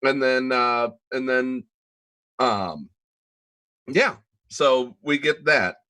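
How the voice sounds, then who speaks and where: A man's voice: mid-range voice, very slow, bright, forceful tone, no echo. A man hosting a casual group chat, recapping a TV episode with lots of fillers. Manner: loose, filler-heavy recap.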